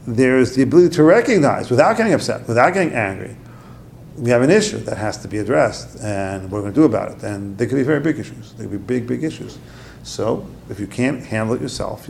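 Gravelly guy giving a torah class, tells stories and plays the angry husband, faint rumble behind. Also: darkish tone. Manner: storytelling, acts out quotes with sudden high outbursts.

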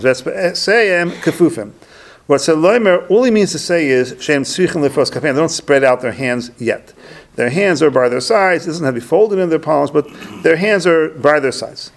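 Man explaining religious texts, slightly high voice. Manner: reads Hebrew phrases then translates them into English; explanatory, repeats points for emphasis. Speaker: Torah teacher. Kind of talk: Talmudic-style text study lesson.

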